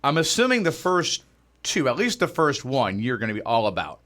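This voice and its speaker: A man's voice: mid-range voice, sing-song, moderate pace, sharp tone. A man co-hosting a podcast, chatting casually and easygoing, often reacting with short replies. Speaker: podcast co-host. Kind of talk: casual chat.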